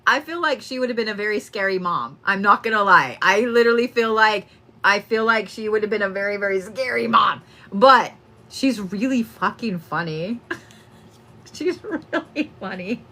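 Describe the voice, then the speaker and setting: A woman's voice: mid-range voice, lively intonation, moderate pace, sharp tone. A young woman giving a casual psychic reading, laughing often and swearing freely. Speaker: psychic medium. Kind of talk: live-stream reading.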